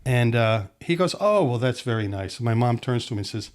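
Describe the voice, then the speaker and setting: A man's voice: mid-range voice, animated, a little fast, clean tone. A middle-aged man from Pennsylvania, a filmmaker guest on a podcast, telling rambling anecdotes with frequent restarts. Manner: rambling, restarts mid-sentence, acts out quotes. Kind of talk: anecdotal storytelling in a podcast chat.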